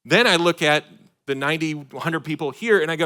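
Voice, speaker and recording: A man from Michigan preaching a sermon to his congregation, swinging between loud emphatic points and quiet asides. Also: on the high side, fairly quick, clean tone. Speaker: pastor. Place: church sanctuary.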